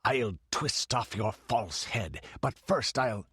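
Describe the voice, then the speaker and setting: A man's voice: on the low side, lively intonation, slow pace, a bit bright, husky, no room sound, studio quality, exaggerated voice. A man voicing a wicked, furious male priest who hisses his threats. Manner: hissing, menacing.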